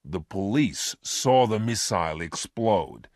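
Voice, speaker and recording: A ruthless space criminal boss, hard and scheming, as a man reads him in a storybook. Low-set and slow, with the pitch rising and falling widely. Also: expressive, darkish tone, no room sound, clean studio sound. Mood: explaining. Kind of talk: storybook reading.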